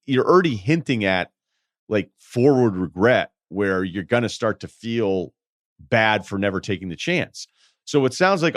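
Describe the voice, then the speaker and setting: A man's voice: on the low side, no echo, studio quality. A man hosting an advice podcast, talking casually and bluntly, rambling and swearing freely. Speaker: podcast host giving advice.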